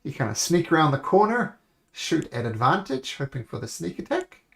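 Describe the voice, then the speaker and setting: A man's voice: fairly high pitch, big pitch swings, normal speed, creaky, a bit bright. A man narrating as game master, rambling along with self-corrections.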